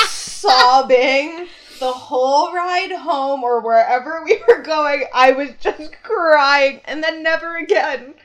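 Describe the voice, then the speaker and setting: A woman's voice: sits high, takes it slowly. A young woman telling family stories in casual chat, laughing often and acting out the quotes. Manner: animated storyteller, laughs often, acts out quotes.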